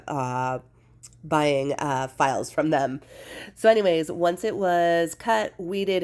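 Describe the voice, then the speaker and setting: A woman's voice: low-pitched, darkish tone. A woman hosting a do-it-yourself channel, chatting casually through a crafting voice-over while congested and nasal from a cold. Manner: chatty and friendly, with fillers. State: congested, under the weather. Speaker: DIY channel host.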